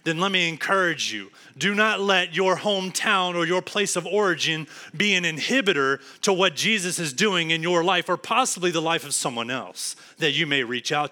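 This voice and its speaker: A man from Texas with a Texan accent, preaching a sermon earnestly, going from emphatic to hushed. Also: sits high. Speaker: pastor.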